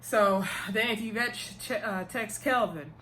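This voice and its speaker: A woman giving a casual, animated recap of a TV episode, full of slang and playful asides. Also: medium pitch, moderate pace, slight background noise. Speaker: TV episode reviewer.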